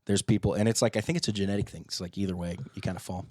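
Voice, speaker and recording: A man's voice: deep voice, steady tone, rapid-fire, a little mellow, no echo. A man co-hosting a band podcast in casual chat, rambling and laughing often, with a cough drop in his mouth. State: sucking cough drops. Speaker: podcast co-host, band guitarist.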